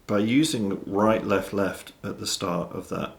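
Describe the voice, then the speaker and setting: A man teaching drum exercises in a measured, methodical way, counting out stickings. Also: lowish voice, vocal fry. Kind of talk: instructional explanation. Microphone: studio mic with monitor system.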